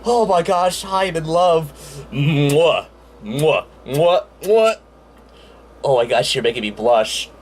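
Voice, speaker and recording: A man doing a high, swooping emoji guy. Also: lively intonation, slow, a little hiss or hum. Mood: lovestruck. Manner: gushing, melodramatic, laughing and sobbing. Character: giddy emotional male emoji character.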